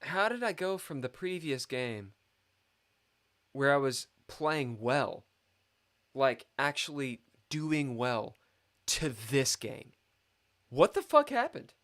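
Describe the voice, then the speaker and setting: A man's voice: mid-range voice, takes it slowly, pauses often, fairly bright tone. A man streaming a live chess game, muttering and swearing in frustration at his own moves, complaining of a dry mouth.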